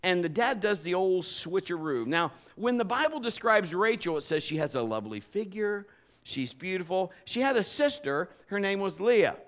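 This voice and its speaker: A man's voice: high voice, normal speed. A male pastor preaching a sermon and telling stories with humor and energy. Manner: animated, humorous storytelling.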